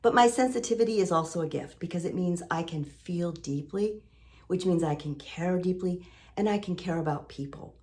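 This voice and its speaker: A middle-aged woman talks straight to her viewers in an earnest, emotional vlog. Her voice sits a little low for a woman. She stacks repeated phrases for emphasis. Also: normal speed, a little mellow. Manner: earnest, emotional, full of sailing metaphors. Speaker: lifestyle vlogger. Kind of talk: heartfelt motivational monologue.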